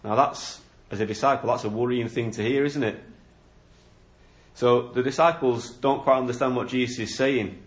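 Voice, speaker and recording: A man's voice: medium pitch, steady tone, normal speed. A man preaching a sermon, explaining a Bible passage in an earnest, questioning way. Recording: echoey room.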